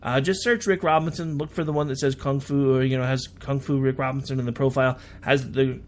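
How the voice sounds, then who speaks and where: Chatty, sarcastic American radio host. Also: male voice, mid-range voice, little pitch movement, a little hiss or hum. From United States. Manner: reads news then adds chatty sarcastic asides; self-deprecating, halting restarts. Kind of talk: casual news commentary.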